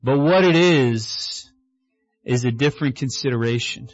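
A man preaching a sermon as pastor, in a conversational style that acts out quotes and builds to excited shouts. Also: medium pitch, unhurried, dull audio.

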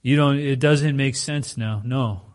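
A man's voice: mid-range voice, fairly even intonation, measured pace. A male pastor giving a sermon in a conversational way, often putting rhetorical questions to the congregation.

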